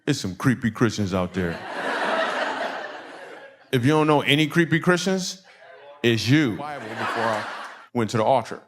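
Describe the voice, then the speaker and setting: Man, middle-aged, comic storyteller, from Michigan, acts out dialogue, mid-pitched voice. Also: moderate pace, long pauses, background noise. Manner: animated storyteller acting out dialogue, audience laughing. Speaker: comedian and speaker. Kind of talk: comedic storytelling message.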